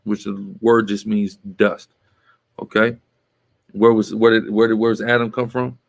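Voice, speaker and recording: A man's voice: fairly low pitch, flat delivery, measured pace, creaky. Emphatic man teaching a Bible class. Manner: emphatic, tags statements with "right?"; scolding, directs the reader.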